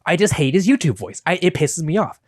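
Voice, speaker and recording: A man's voice: fairly high pitch, brisk, dry recording. A young man co-hosting a casual podcast, talking animatedly and swearing freely into a studio microphone. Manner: animated, swears freely, does mock YouTuber voices. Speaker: podcast co-host. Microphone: studio microphone with headphones.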